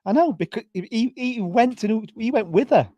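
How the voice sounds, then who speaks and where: A man's voice: high-pitched, lively intonation, a little fast, warm tone, no room sound, dull audio. A man with a Yorkshire accent from England, a guest in a casual live reaction chat, chatty, giggly and opinionated. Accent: Yorkshire (Sheffield). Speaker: guest co-host.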